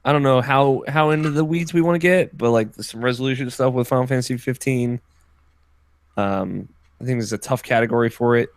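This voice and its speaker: A man co-hosting a casual podcast chat, talking in a relaxed, rambling way with plenty of fillers. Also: mid-range voice, a little fast, clean tone, no room sound. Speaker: podcast co-host.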